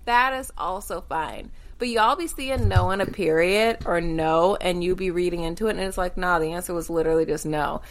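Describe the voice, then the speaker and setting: A woman's voice: lowish voice, moderate pace, few pauses. Blunt, emphatic woman podcast co-host. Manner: blunt, emphatic, swears freely. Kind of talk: casual chat.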